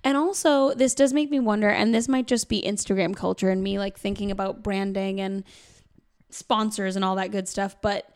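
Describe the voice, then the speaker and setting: A young woman from Boston talks through a film with her co-host in easy, joking podcast banter. Her voice carries a gravelly fry at the ends of phrases and sits at a middle pitch. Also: steady tone. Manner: chatty, jokey, quick laughs. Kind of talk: casual chat about a film.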